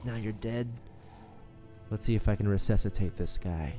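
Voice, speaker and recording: A man's voice: on the low side, normal speed, warm tone, faint music behind. A man hosting a let's play, chatting casually through his gameplay in a playful, joking way that swings into mock melodrama.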